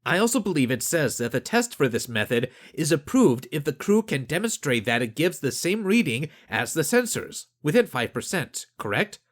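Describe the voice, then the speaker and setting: A man voicing a clever young crewman who argues regulations in a calm, methodical way. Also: a little high, moderate pace, hardly any pauses, pitched above the performer's own voice. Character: clever young man, precise crew accountant.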